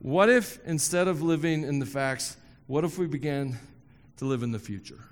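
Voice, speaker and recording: Speaking at a moderate pace in a voice on the high side, a pastor delivers a sermon before a congregation in a church hall. He jokes with the crowd and hammers home key phrases by repeating them, and the recording has a big-room sound.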